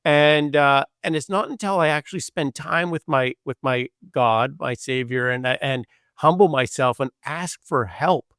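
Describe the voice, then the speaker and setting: A man's voice: fairly high pitch, no echo, clean studio sound. A man hosting a podcast interview, chatting casually and repeating words as he gathers his thoughts. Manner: warm, halting, repeats words. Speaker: podcast host.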